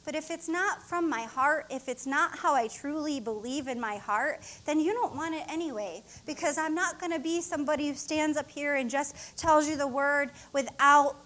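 A woman's voice: high-pitched, normal speed, hardly any pauses, fairly bright tone. A middle-aged woman co-pastor preaching an emotional, heartfelt sermon with rising exclamations.

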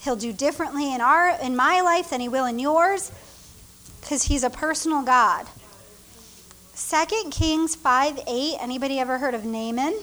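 A woman pastor preaching a sermon, reading scripture aloud and acting out the people in it with animated delivery. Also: high voice, brisk. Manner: animated, reads scripture aloud, acts out characters, laughs often.

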